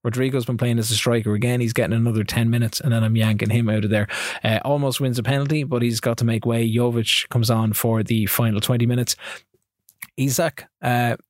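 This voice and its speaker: Man, podcast co-host, mid-pitched voice, rambling game recap, dry studio sound. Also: flat delivery, dry recording. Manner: recaps matches in quick rambling bursts. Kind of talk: casual gaming podcast chat. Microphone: studio mic.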